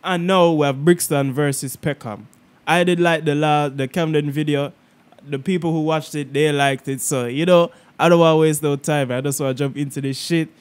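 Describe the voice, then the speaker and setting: A man with a Jamaican accent chats loosely as he hosts a reaction video, getting hyped and rambling between points. His voice sits a little high, and his talk comes out excitable and unscripted. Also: normal speed, smooth. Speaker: reaction channel host. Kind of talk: casual reaction commentary.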